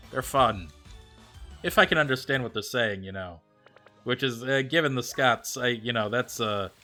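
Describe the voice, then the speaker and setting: This is a US male streamer with a mid-range, sharp-toned voice, talking casually with viewers during a live game. He chats freely, muses aloud, and reads out messages from chat and replies to them.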